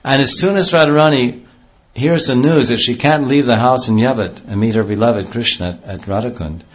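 A man giving a rambling devotional lecture with many restarts, heard on a dull lo-fi recording. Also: medium pitch. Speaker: spiritual teacher.

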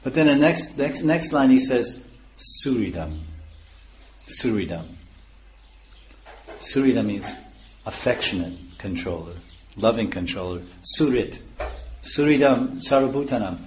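A man's voice: medium pitch, animated, measured pace, long pauses, a little hiss or hum. A man giving a scripture lecture as a spiritual teacher, explaining terms one by one and chuckling at his own points.

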